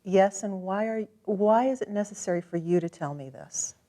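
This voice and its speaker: A woman coaching a client through a tapping session, calm, encouraging and gently directive. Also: medium pitch, moderate pace.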